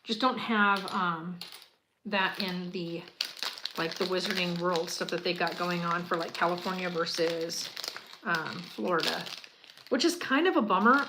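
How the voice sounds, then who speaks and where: A woman chatting casually as she builds a Lego set. She gushes with a lot of fillers and often drops to a quiet murmur. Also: fairly low pitch, slight background noise, low-quality recording. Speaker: channel host.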